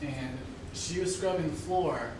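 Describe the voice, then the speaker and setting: Man, improv performer, brash and jokey, high voice, far off mic in an echoey room. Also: unhurried, noisy background. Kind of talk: live improv comedy scene.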